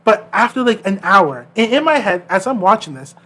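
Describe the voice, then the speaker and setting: Animated male podcast storyteller. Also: high voice, a little fast. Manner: animated storyteller acting out quoted people. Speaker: podcast co-host. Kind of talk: casual storytelling chat.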